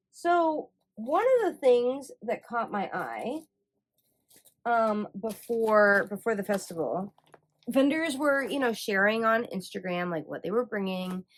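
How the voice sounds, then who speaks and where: Woman, from Michigan, slow delivery, chatty, enthusiastic, casual vlog chat. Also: mid-range voice, a bit bright. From Michigan, USA. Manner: chatty and enthusiastic, many ums and likes. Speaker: yarn dyer and podcast host. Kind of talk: casual show-and-tell chat.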